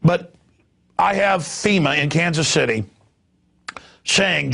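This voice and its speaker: A man's voice: on the high side, normal speed, fairly bright tone. A man hosting a talk radio interview, emphatic and stammering when worked up. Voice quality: gravelly, raspy. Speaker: host.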